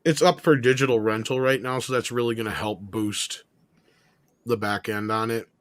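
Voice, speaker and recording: A man's voice: medium pitch, steady tone, moderate pace, a bit bright, dry recording. A man on a live-stream panel, rambling loosely and hedging through box-office figures with plenty of filler. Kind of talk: casual panel chat.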